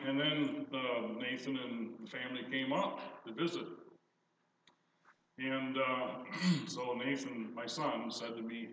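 An older man preaching a sermon, reading scripture and telling stories in an animated, emphatic way. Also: medium pitch. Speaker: pastor. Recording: echoey hall from far off, faint noise.

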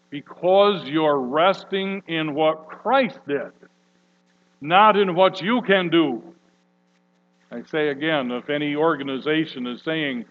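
A man preaching a sermon, slow and earnest, building to loud emphatic peaks. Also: fairly high pitch. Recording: dull lo-fi recording with mains hum.

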